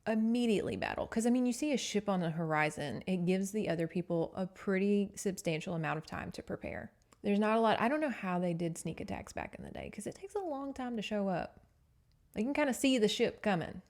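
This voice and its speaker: A woman's voice: mid-range voice, lively intonation, fairly quick, darkish tone. A woman hosting a podcast who chats through a book recap in a casual way, wandering off topic and laughing often. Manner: chatty, digressive, laughs often. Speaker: podcast host.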